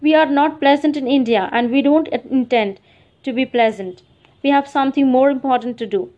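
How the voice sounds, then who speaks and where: A woman's voice: on the high side, measured pace, close to an everyday voice. A woman reading the part of a pompous, irritable young male colonial magistrate who lectures self-righteously. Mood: indignant lecturing. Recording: dull lo-fi audio.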